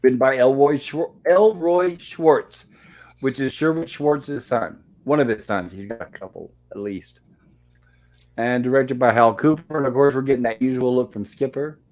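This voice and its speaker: A man with a mid-range, darkish voice hosts a live-streamed show at normal speed. He casually recaps an episode, chatting and reading lines of dialogue aloud with little acting.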